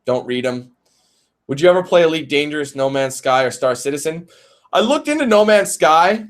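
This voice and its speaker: A man casually answering viewer questions on a live stream, telling stories in a rambling, animated way, with lots of fillers, restarts and swearing. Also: fairly high pitch, moderate pace. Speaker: let's play YouTuber answering viewer questions.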